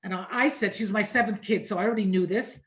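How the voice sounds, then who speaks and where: Speaking quickly in a mid-range, fairly bright voice, a middle-aged woman gives a casual online Torah lecture. She keeps it conversational, circling back over phrases and frequently tossing in "right?" to make sure her listeners are following. The recording has a dull, lo-fi online-class quality.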